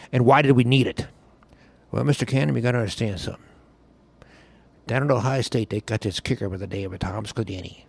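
An older man, a longtime football staffer, telling a folksy anecdote with drama, acting out the people in it. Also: medium pitch. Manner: folksy, dramatic, voices others in his tale.

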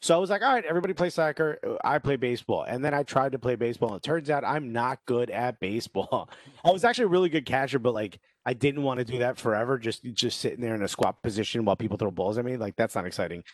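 A man in casual podcast chat, telling lively stories and mimicking accents. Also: medium pitch, dry recording. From Cuban family, grew up in New Jersey. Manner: animated storyteller, quick to mimic accents.

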